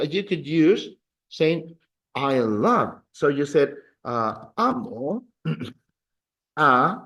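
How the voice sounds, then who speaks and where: Male language teacher, slow and lively, patient repeater, classroom lesson. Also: a little high. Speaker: Spanish teacher.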